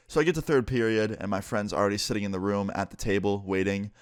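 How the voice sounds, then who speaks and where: Young guy telling a story time vlog, low voice, casual and sweary, dry close sound. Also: fairly even intonation, quick pace, smooth, no room sound. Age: young adult.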